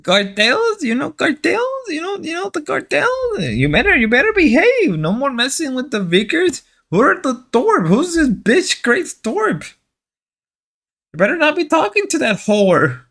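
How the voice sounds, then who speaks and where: A bossy, threatening Mexican wife, put on by a man in a thick Mexican Spanish accent. She scolds in broken English with a lively, swooping pitch and warns of trouble. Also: unhurried, gravelly, heavily acted. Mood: scolding.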